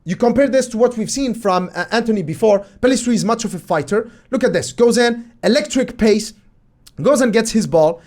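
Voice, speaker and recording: A man's voice: high voice, expressive, fairly quick, darkish tone. A man hosting football tactical analysis, commenting emphatically over match footage with exasperated rhetorical questions.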